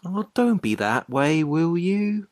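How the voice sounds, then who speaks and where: A woman's voice: fairly low pitch, sing-song, slow, darkish tone, dry recording, studio quality. A woman voicing an anxious young man who pleads and grows exasperated in a dramatized story. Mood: pleading. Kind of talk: dramatized short story reading.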